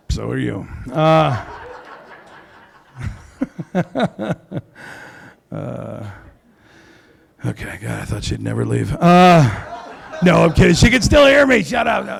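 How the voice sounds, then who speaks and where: Gravelly, brash stand-up comedian man. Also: medium pitch. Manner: brash, crude, self-mocking punchlines. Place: comedy club stage.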